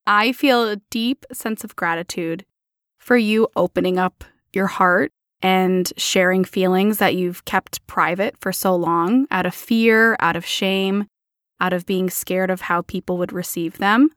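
A woman's voice: mid-range voice, steady tone, unhurried, a bit bright, no echo, clean studio sound. A woman co-hosting a podcast in casual chat, giggly and sincere, with an affectionate way of talking. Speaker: podcast co-host.

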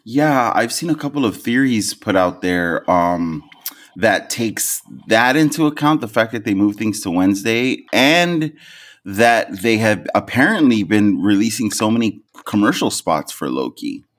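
A man with a fairly low voice co-hosts a podcast in easy casual chat. He rambles, backs up to correct himself and leans on fillers as he works through his thoughts. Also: very animated, measured pace, a bit bright. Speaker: podcast co-host.

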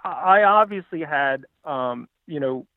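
A man's voice: fairly high pitch, animated, a little slow, dry recording. A man telling his story as a podcast guest, earnest and reflective, often restarting his sentences. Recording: tinny phone-line audio.

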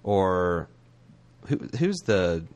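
Low-voiced rambling podcast host. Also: male voice, sing-song, very slow, darkish tone. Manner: rambling, loose, jokey. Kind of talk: casual podcast chat.

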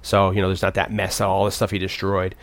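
A man in his thirties co-hosting a casual movie podcast, rambling and often jumping up in pitch to act out the characters. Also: monotone, a little fast, dry recording. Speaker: podcast co-host.

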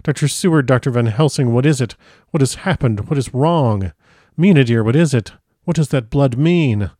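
A man's voice: fairly low pitch, moderate pace, a little mellow, no echo, studio quality, lightly acted. A man voicing a frantic young husband who cries out and pleads with urgent alarm.

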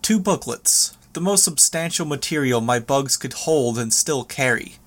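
A man narrating a first-person audiobook in a steady, measured reading voice. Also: medium pitch.

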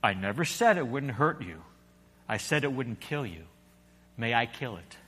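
A preacher voicing a stern, calm male angel in a low, hushed voice. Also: normal speed, slightly rough. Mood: insistent. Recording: echoey hall.

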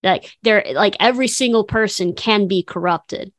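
A woman co-hosting a casual film podcast, talking in an animated way and acting out quotes in voices. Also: medium pitch, normal speed, no room sound. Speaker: podcast co-host. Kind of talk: casual chat about films.

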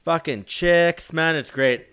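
A man's voice: on the high side, slow pace, a bit bright, smooth. A Canadian man co-hosting a casual podcast, easygoing and swearing. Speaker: podcast co-host.

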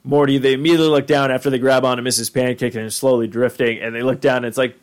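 A man's voice: mid-range voice, flat delivery, quick pace, few pauses. A man with a mid-range voice talks loosely through a cartoon episode, piling on fillers and acting out bits of the lines. He rambles in a chatty, informal way. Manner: rambling, chatty, full of fillers and acted-out quotes. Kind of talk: casual episode recap.

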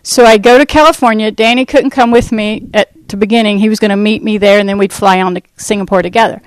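A woman giving a personal faith testimony to a church audience, telling her story in a rambling, animated way and acting out what people said. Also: mid-range voice, fast talker, no echo, rough recording. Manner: animated storytelling that acts out quoted speech; rambling, with fillers and restarts. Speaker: Christian ministry speaker.

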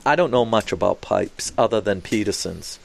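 A man's voice: lowish voice, normal speed, gravelly. A man co-hosting a podcast, telling a casual story and acting out the people he quotes. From Boston. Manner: animated, acts out quoted voices. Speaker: podcast co-host.

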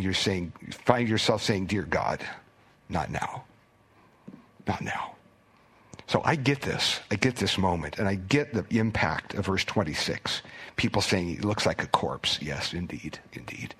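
Conversational preacher man dropping to hushed tones. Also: lowish voice, husky. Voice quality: drops to a hushed near-whisper for emphasis. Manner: conversational, with frequent stammered restarts. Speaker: pastor. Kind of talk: sermon.

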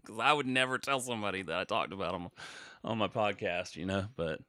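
A man co-hosting a podcast in casual chat, rambling and self-deprecating, quick to laugh. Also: lowish voice, bright, forceful tone, no echo, clean studio sound. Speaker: podcast co-host.

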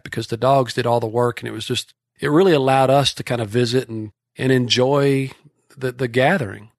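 A man's voice: mid-range voice, no room sound, studio quality. A man from Texas, a horsemanship clinician telling a folksy, rambling story with frequent restarts.

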